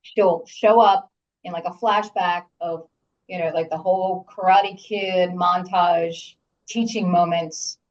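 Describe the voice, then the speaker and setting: A woman's voice: on the low side, steady tone, takes it slowly, a little mellow, distant mic, lo-fi sound. A woman guest on a podcast, chatting casually and mostly murmuring agreement. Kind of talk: casual chat.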